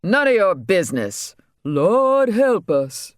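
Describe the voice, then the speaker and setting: A man's voice: high-pitched, sing-song, slow, no room sound, studio quality, pitched above the performer's own voice, full character voice. A man voicing a pompous, drunk male reverend who pleads in churchy exclamations. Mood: pleading.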